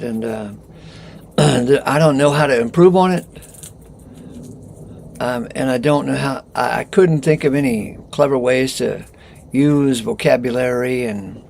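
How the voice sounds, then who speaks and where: A man's voice: medium pitch, gravelly, a little mellow, a little hiss or hum. A man chatting casually and earnestly, directing how his text should be read. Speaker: writer directing the reading. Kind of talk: casual conversation.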